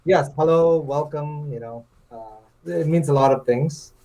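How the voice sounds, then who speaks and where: A man's voice: on the high side, unhurried, mellow, highs cut off. A man in his thirties from India, a guest on a livestream, talking hesitantly with many fillers and easy laughs. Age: 30s. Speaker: debate guest. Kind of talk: casual livestream chat.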